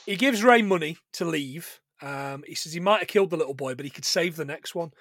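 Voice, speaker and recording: A man's voice: a little high, lively intonation, fairly quick, fairly bright tone, no echo. A British man, casually recapping a film on a podcast, swearing freely and acting out lines. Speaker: podcast co-host.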